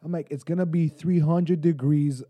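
A man from Canada co-hosting a podcast, chatting casually, excitable and joking with frequent laughs. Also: on the high side, normal speed, muffled recording. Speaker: podcast co-host. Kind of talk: casual chat.

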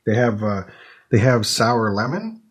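A podcast host with a slightly rough, lowish voice sounds animated but keeps a measured pace. Chatty as he tastes snacks, he thinks aloud and leans on fillers between mouthfuls.

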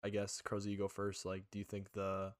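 A man with a lowish voice hosts a gaming chat with friends. He piles up fillers as he rambles and keeps moving the talk to the next topic. The sound is dry and close, with no room around it. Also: completely flat delivery, a little fast, no room sound. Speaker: podcast host.

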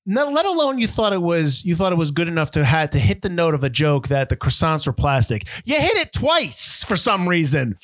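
A man co-hosting a casual movie podcast, a sarcastic and animated critic. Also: a little high, fairly quick, hardly any pauses, no echo. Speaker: podcast co-host.

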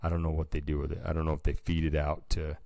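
Man, very deep voice, casual podcast chat, rambling storyteller, says "dude" a lot, dry close sound. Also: monotone, gravelly, warm tone, dry recording. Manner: slips into quick put-on voices for people in his stories. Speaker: podcast co-host.

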